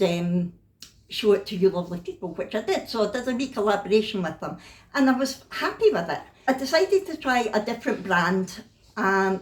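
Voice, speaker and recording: A woman's voice: medium pitch, echoey room, low-quality recording. A Scottish woman chatting casually about a craft haul at home, self-mocking and laughing often. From Scotland. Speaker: craft vlogger.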